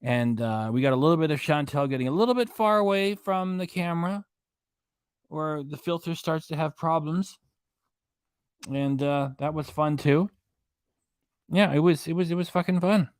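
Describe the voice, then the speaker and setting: A man's voice: fairly high pitch, moderate pace, pauses often, smooth, no room sound, clean studio sound. A man hosting a reaction live stream in a casual, mocking way, laughing often as he talks. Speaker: reaction channel host.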